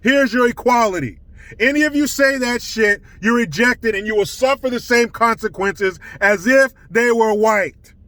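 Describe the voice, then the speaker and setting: High-pitched, profane ranting man. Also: normal speed, pushed and bright, dry recording. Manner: blunt, profane, scornful. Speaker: political commentary channel host. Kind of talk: ranting commentary.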